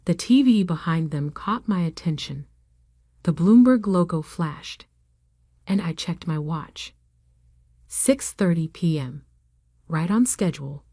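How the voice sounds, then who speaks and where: A woman reading a first-person story as scripted narration, in a measured, even way. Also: on the low side, dry recording, clean studio sound.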